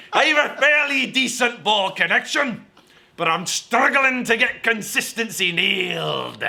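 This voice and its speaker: A man's voice: very high-pitched, sing-song, slow, vocal fry, voice pushed up, full character voice. A man voicing a boastful, tall, strong young Scottish lad in a hammy put-on Scottish accent. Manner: hammy, loud and laughing.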